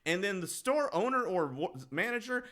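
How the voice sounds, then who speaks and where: A man's voice: high voice, animated, moderate pace, fairly bright tone. A man co-hosting a podcast, retelling a movie scene by scene and acting out its lines with lots of swearing. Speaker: podcast co-host. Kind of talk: casual chat.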